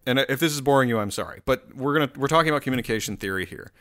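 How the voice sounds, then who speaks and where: A man's voice: medium pitch, lively intonation, very fast, a bit bright. A man giving casual, profane commentary while scrolling through posts, rambling and mocking.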